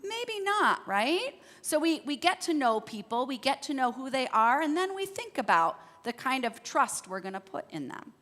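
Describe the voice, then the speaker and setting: High-voiced woman telling a children's story. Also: big pitch swings, moderate pace, few pauses. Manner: warm, interactive storytelling with questions to the children. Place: church sanctuary. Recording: long reverb of a church sanctuary.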